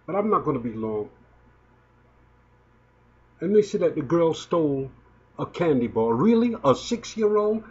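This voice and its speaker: A man's voice: fairly high pitch, very animated, a little slow, long pauses. A man in his fifties giving emotional spoken commentary, indignant and stumbling as he repeats his words. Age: 50s. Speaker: video blogger. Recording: dull lo-fi recording.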